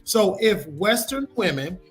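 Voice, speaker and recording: A man's voice: high-pitched, big pitch swings, a little slow, faint music behind. A man co-hosting a podcast, making emphatic, preachy points in casual debate and repeating them for effect. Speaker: podcast co-host.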